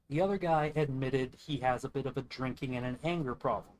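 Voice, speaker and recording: A man's voice: mid-range voice, a little fast, a little hiss or hum, low-quality recording. Young male streamer, casual and profane, tells a long rambling story while playing. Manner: rambling, profane, quotes others mid-story.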